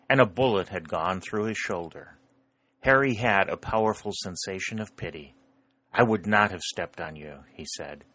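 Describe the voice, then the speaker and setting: A man reading a historical novel aloud as an audiobook narrator, in a measured storytelling delivery. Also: fairly low pitch, a bit bright, no echo.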